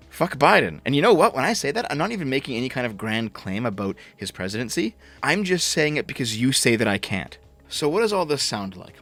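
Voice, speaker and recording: A man's voice: mid-range voice, fairly bright tone. A man ranting as a political commentator, sarcastic and mocking, with frequent swearing.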